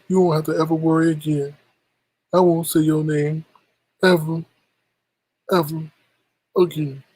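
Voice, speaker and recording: A man talks straight to his online audience in a plaintive, half-tearful ramble. His voice sits a little high and sounds husky. The sound is dry and close to the mic. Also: a little mellow, dry recording, low-quality recording. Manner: plaintive, repetitive, mock-tearful. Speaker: YouTube vlogger. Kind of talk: emotional livestream monologue.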